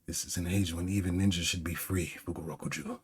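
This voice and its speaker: A man's voice: sits low, fairly even intonation, fast, slightly rough. A man voicing a worn-out male ninja speaking in an earnest, tired way.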